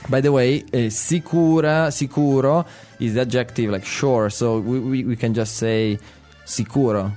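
A man with an Italian accent, a native Italian speaker co-hosting a casual language podcast, jokey and self-mocking, with halting fillers. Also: mid-range voice, fairly even intonation, a little mellow, soft background music. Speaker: co-host and native-speaker teacher.

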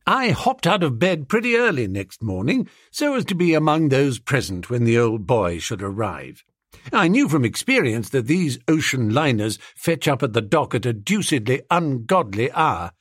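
A man's voice: mid-range voice, normal speed, husky, no echo, studio quality. Jaunty male audiobook narrator. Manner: jaunty, animated storytelling. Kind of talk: first-person comic novel reading.

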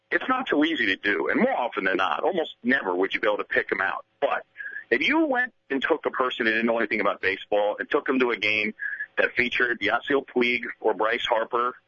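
A man's voice: medium pitch, big pitch swings, fast, pushed and bright, no echo, muffled recording. A man who is a baseball broadcaster, chatting casually as a radio guest with a rambling, restart-heavy delivery. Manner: rambling, many restarts and "you know". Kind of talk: casual radio interview chat.

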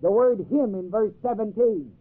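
A man's voice: sits high, moderate pace. A man teaching a Bible class in a sermon style, emphatic, quizzing his listeners with questions. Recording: tinny phone-like old tape.

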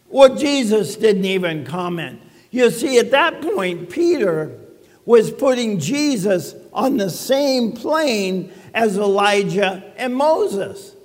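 A man's voice: high voice, very animated, slow pace, big-room sound. A man preaching a sermon as pastor, speaking conversationally and dropping quips and asides to the congregation.

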